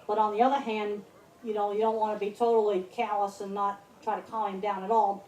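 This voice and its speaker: A woman in her sixties speaks bluntly and emphatically at an outdoor country fair, repeating words to drive her points home. Her mid-range voice is fairly quick and flat in delivery, with a darkish tone and clipped highs. The distant mic gives a roomy sound with faint noise.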